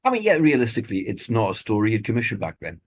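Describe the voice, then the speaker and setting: Husky low-voiced man, musing. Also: huge pitch swings, racing, dry recording. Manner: musing, joking asides. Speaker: podcast co-host. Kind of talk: casual chat.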